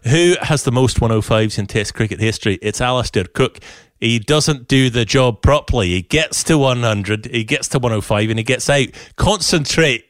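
A man's voice: mid-range voice, moderate pace, hardly any pauses, dry recording, close to an everyday voice. A man putting on a hammy Scottish voice. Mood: playful. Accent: Scottish (put on). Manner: playful, mock-scolding. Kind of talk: comic put-on voice in a podcast chat.

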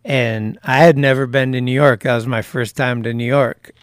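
A man's voice: mid-range voice, steady tone, dry recording, clean studio sound. A man hosting a casual chat, easygoing and profane, drawing out stories from his guest. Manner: easygoing, profane, quick to laugh along.

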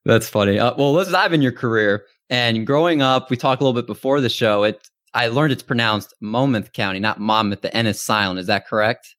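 An upbeat man hosts a baseball podcast, reading out stats and asking friendly questions. His voice has a middle pitch. The sound is dry and close to the mic. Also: fairly quick, a bit bright, no room sound. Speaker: podcast host. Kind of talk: casual sports interview.

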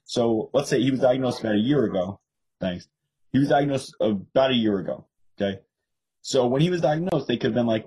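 Young New guy, husky voice, animated podcast storyteller who mimics people in a raised voice. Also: medium pitch, fairly quick, rough recording. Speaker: podcast co-host. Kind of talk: casual political chat.

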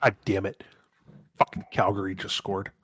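A man's voice: deep voice, level tone, normal speed, fairly bright tone, husky, dry recording, studio quality. Blunt laid-back male co-host. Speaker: podcast co-host. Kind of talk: casual chat.

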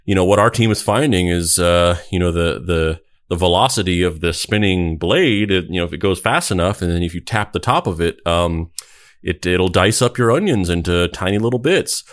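A man's voice: sits low, moderate pace, lightly acted. A man doing a rambling, nonchalant old-time inventor. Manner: hesitant, full of fillers. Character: nonchalant mid-century male inventor, rambling.

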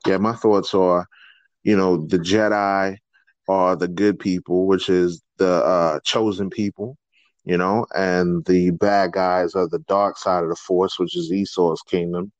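A man co-hosting a podcast, talking in an animated way and rising in pitch when he gets excited. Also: dry recording, dull audio. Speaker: podcast co-host. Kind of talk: casual discussion.

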